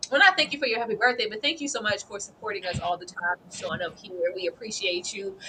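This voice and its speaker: A woman co-hosting a TV recap show, animated and laughing, swinging from hushed asides to loud outbursts. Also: medium pitch, slight background noise. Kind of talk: casual chat reviewing a TV episode.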